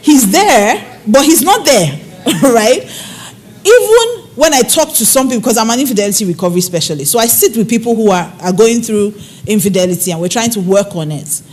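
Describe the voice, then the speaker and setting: Animated woman preaching about marriage. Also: normal speed. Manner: expressive storyteller, swings pitch and acts out quoted people. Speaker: infidelity recovery counselor speaking on marriage. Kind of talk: preaching-style talk on marriage.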